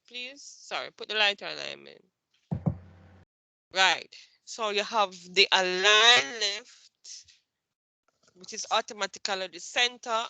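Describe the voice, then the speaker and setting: A woman's voice: medium pitch, pushed and bright, clear, resonant tone, dry recording. A woman instructor teaching a computer class, asking questions and repeating her points patiently.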